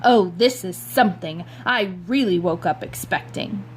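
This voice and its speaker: A woman's voice: mid-range voice, a little slow, a little hiss or hum, lightly acted. A woman reading aloud voices a rebellious teenage girl who speaks in a mocking, scornful way. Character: snarky rebellious teenage sister.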